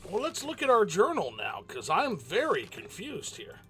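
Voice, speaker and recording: A man's voice: high voice, wildly swooping pitch, normal speed, a bit bright, faint music behind. A man giving joking let's play commentary, chatting back at the game's characters. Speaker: gaming channel host.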